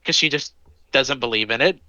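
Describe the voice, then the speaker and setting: A man in his early twenties, a podcast co-host, telling anecdotes in animated, swear-heavy casual chat. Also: mid-range voice, a little fast, dry recording, lo-fi sound. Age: 20s. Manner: animated storytelling, lots of swearing.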